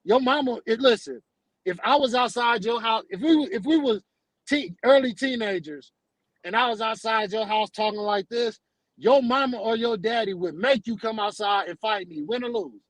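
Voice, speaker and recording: A man's voice: high-pitched, normal speed, a bit bright, no room sound, low-quality recording. A man hosting a casual sports talk show, talking emphatically in a ranting way and ending many lines with "man".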